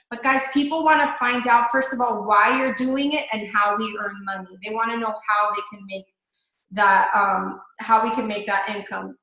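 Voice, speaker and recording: Woman, high and bright voice, upbeat team coaching, chatty, very echoey room. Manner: chatty, upbeat, talks straight to her team with lots of "guys". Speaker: network marketing coach. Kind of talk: live video call coaching talk.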